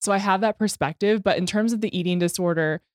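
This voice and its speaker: A woman's voice: medium pitch, fast talker, dry recording, studio quality. A woman guest on a podcast, talking frankly and self-deprecatingly in a candid interview, swearing freely.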